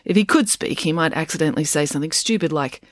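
A woman narrating a children's story with expressive, animated delivery. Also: low voice, fast, dry recording, clean studio sound. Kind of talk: audiobook narration.

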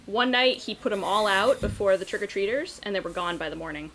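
A woman's voice: mid-range voice, expressive, fairly quick, a bit bright, slight background noise, rough recording. Wry laughing woman on a podcast. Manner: wry, short remarks, laughs often. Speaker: podcast co-host. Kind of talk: casual chat recapping a movie.

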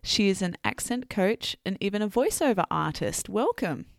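A woman hosting a podcast, explaining words in a clear, teacherly way before an interview. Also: medium pitch, animated, moderate pace, no room sound, studio quality. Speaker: podcast host. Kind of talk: podcast intro and vocabulary lesson.

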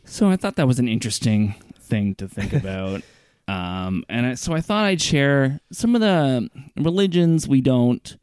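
A man's voice: mid-range voice, animated, moderate pace, few pauses, a little mellow, smooth, dry recording, studio quality. A man co-hosting a casual podcast, talking in a laid-back, rambling way full of fillers. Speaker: podcast co-host.

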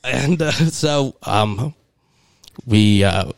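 A man co-hosting a podcast in a studio, telling a long story with lots of laughter and sudden high jumps in his voice when he acts out the panicked moments. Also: very slow, vocal fry, noisy background. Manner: animated storyteller, laughs through his words. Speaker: podcast co-host.

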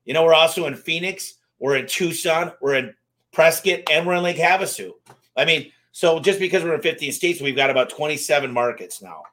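A man who owns a service company, telling lively anecdotes in a casual interview and acting out the dialogue. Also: fairly high pitch. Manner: energetic, fast-moving anecdotes with acted-out dialogue. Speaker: garage door company owner, guest.

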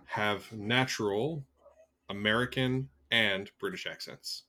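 Low-voiced man teasing his co-host. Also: takes it slowly. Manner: animated, teasing, laughs often. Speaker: podcast co-host. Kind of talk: casual chat.

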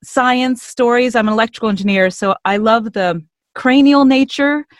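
An energetic woman in her thirties, a voiceover artist chatting as a podcast guest. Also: fairly high pitch, moderate pace, no echo, studio quality. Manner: energetic, upbeat, laughs easily. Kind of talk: casual interview chat.

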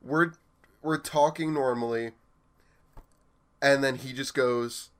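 Young male co-host, mid pitch, dry humor, relaxed storyteller. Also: takes it slowly. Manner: easygoing, wry, laughs often. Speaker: podcast co-host. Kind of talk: casual chat.

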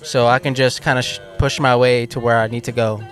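A man's voice: mid-range voice, little pitch movement, brisk, a bit bright, soft background music. A man hosting a casual live podcast outdoors in a venue line, joking and chatting into a handheld mic. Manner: joking, chatty running commentary. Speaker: podcast host.

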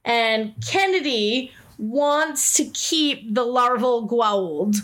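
A woman's voice: on the high side, very slow. Chatty woman co-hosting a podcast. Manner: chatty, animated, recaps with acted-out quotes. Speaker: podcast co-host. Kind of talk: casual chat recapping a TV episode.

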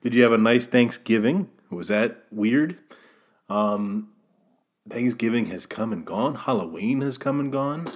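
A man's voice: medium pitch, expressive, unhurried. A man hosting a casual solo podcast, rambling and self-deprecating as he chats straight to the listener. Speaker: podcast host.

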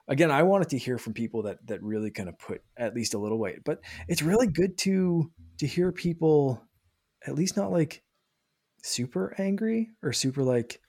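Gravelly-voiced man hosting a casual podcast. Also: mid-range voice, a little mellow, no room sound, clean studio sound. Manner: rambling, many fillers and restarts. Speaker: podcast host. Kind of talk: casual chat.

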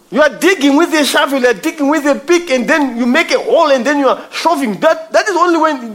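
Preaching a sermon, this man speaks at an extremely high pitch with a fairly bright tone. He is emphatic, repeating phrases and addressing his listeners as brother.

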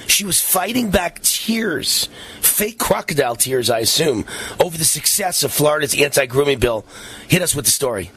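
A man hosting a talk radio show, reading an ad and speaking emphatically and indignantly, pushing up to near-shouts. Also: on the high side, lively intonation, moderate pace, breathy edge. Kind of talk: talk radio host and ad read.

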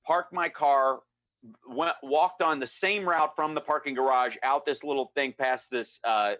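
A middle-aged man telling a story in a relaxed chat, animated and acting out the voices of the people he quotes. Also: medium pitch, unhurried, no echo. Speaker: guest storyteller.

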